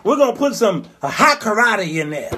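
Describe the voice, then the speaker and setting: High-voiced man telling comic stories. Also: normal speed, a little hiss or hum. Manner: animated storyteller who acts out voices and sound effects. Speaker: show host. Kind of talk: comedic commentary monologue.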